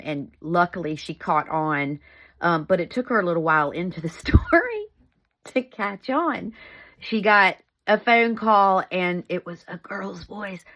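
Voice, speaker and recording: A woman's voice: sits low, a bit bright. A middle-aged woman telling a family story in a casual vlog, chatty and laughing often.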